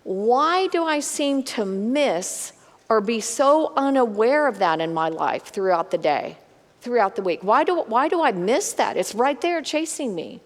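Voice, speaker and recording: Woman leading a women's Bible study, lively and chatty, fairly high voice, echoing large room. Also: measured pace. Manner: conversational, animated, talks straight to the group.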